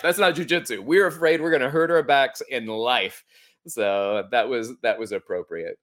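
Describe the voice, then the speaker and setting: This middle-aged podcast host has a fairly low, fairly bright voice with lively intonation and a measured pace. He tells a personal story earnestly and reflectively, often restarting his sentences, as part of a coaching talk.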